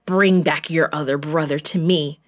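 A woman voicing Joseph, a stern and powerful male governor, in a slow, low, commanding tone. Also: fairly even intonation, natural voice.

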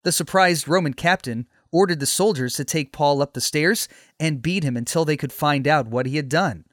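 Dry, slightly high male storyteller. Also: no echo. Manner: steady, measured storytelling. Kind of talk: scripted story narration.

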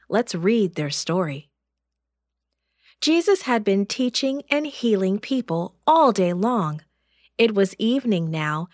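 A woman narrating a children's story in a gentle, expressive way, rising for dramatic moments. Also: fairly high pitch, no room sound, studio quality.

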